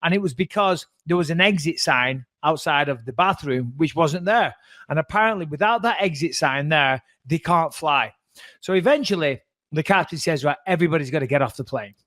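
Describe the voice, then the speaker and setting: A man co-hosting a podcast, telling a story in a casual, animated way, swearing freely and acting out the voices of the people he quotes. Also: a little high, normal speed, no echo. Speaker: podcast co-host.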